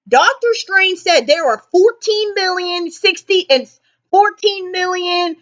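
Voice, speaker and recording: A high-voiced young woman rants through a casual movie reaction, animated and exasperated. She leans on dramatic pauses. The sound is a little dull and lo-fi. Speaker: vlogger.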